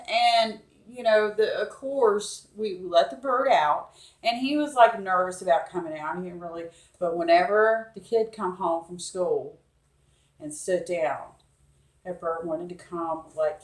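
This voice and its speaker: A woman tells a loose, rambling home story, piling up fillers and restarts. Her voice sits at an ordinary pitch and rings a little in an echoey room at home. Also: lively intonation, measured pace. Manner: rambling, chatty, lots of fillers. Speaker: vlogger. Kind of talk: casual storytelling to camera.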